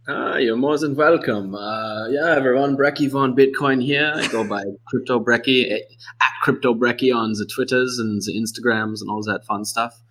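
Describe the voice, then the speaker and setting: A man's voice: medium pitch, normal speed, a bit bright, natural voice. A man putting on a playful comic persona with a thick, hard-to-follow German accent. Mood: jokey. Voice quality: heavy foreign accent, hard to understand. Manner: playful, jokey.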